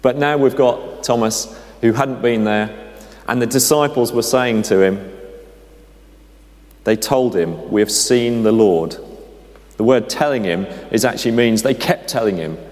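A man preaching a sermon in a conversational, gently humorous storytelling way. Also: mid-range voice, measured pace. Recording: long hall reverb.

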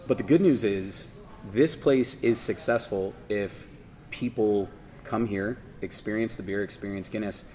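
A man's voice: on the low side, darkish tone. A man from Baltimore, a brewery representative, talking casually in an interview and often restarting his sentences. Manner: thoughtful, speaks in halting restarts.

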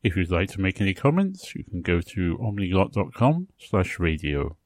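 A man's voice: deep voice, big pitch swings, normal speed, dry recording. A man hosting an educational podcast, explaining in a scripted, teacherly way and carefully pronouncing example phrases. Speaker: podcast host.

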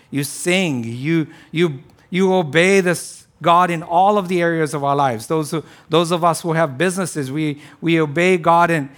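A man preaching a sermon, swinging between loud exclamations and low, quiet stretches, with frequent "right?" asides and restarts. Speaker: pastor.

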